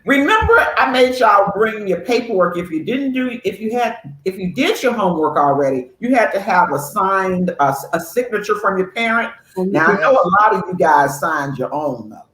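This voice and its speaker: An older woman co-hosting a casual chat, speaking with lively encouragement about former students. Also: mid-range voice, moderate pace. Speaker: co-host, former school staff. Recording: echoey room with faint noise.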